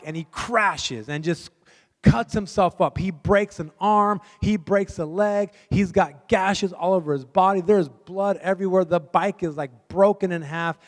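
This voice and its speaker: A man's voice: sits high, unhurried, long reverb tail. A man preaching a sermon as guest pastor, telling a story in a chatty way and acting out the voices of the people in it. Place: church sanctuary.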